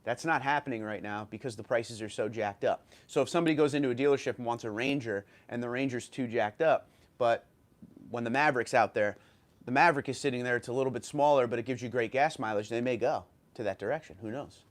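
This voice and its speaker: A man's voice: mid-range voice, fast. A man with a New York accent hosting a casual livestream, reading viewer comments and chatting loosely with fillers and restarts. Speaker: livestream host.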